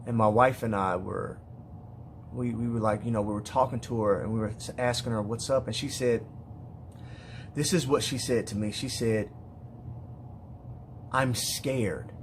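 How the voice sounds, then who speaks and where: A man speaking as a father in an emotional personal monologue, weary and heartfelt, halting with repeated words and restarts. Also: on the low side, steady tone, slight background noise. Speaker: father speaking to other parents.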